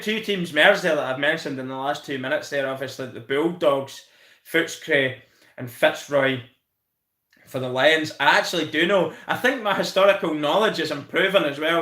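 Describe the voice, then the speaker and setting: Scottish man, rambling live-stream host, high-ish voice, echoey room. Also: normal speed. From Scotland. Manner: excitable, rambling, swears freely. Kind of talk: casual live-stream chat.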